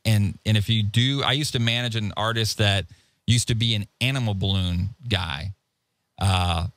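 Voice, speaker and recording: A man in his forties hosting a casual talk show, telling a rambling, animated story full of side trails. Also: fairly low pitch, moderate pace, no echo. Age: 40s. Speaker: host. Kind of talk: casual podcast chat.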